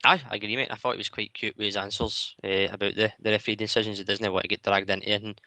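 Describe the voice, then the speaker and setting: Bright-toned phone-in host. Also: male voice, fairly low pitch, rapid-fire, creaky, dry recording. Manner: calm, agreeable, summarising. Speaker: radio show host. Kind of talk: casual football phone-in chat.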